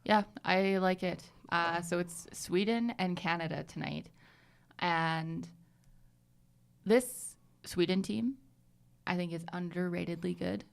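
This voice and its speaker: A young woman co-hosting a casual sports podcast, chatty and quick to poke fun at herself. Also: fairly low pitch, gravelly. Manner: chatty, self-mocking. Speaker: podcast co-host.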